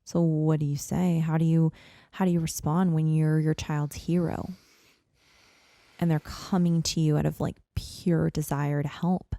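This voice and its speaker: A woman in her thirties telling a personal story as a podcast guest, earnest and animated, with lots of "like" and "you know.". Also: sits low, unhurried, no echo. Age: 30s.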